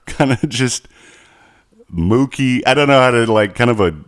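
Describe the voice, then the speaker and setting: A man co-hosting a casual podcast, telling animated stories with plenty of swearing. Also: medium pitch, moderate pace, smooth, no echo, clean studio sound. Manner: animated storytelling, heavy swearing. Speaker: podcast co-host.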